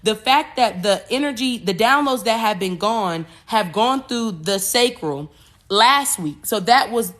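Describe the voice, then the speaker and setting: A woman podcast host, talking about spiritual energy in an animated way, repeating words and acting out voices. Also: on the high side. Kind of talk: spiritual talk monologue.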